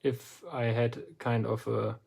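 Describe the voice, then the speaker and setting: Slow, deliberate man explaining a lock. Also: medium pitch, level tone, gravelly, darkish tone, slightly rough. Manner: slow and deliberate, pauses often between phrases. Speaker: lock picking hobbyist presenting a lock. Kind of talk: relaxed instructional walkthrough.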